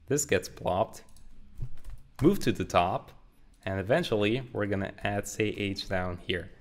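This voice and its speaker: A man's voice: lowish voice, lively intonation, unhurried. Upbeat young man teaching code. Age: 20s. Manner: upbeat, joking, explains while typing. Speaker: programming tutor. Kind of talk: casual coding tutorial. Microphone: studio condenser mic.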